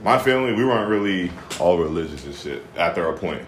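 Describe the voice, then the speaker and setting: A man's voice: low-pitched, lively intonation, quick pace, roomy sound, a little hiss or hum. A young man casually telling a story on a podcast, rambling and cursing. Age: young adult.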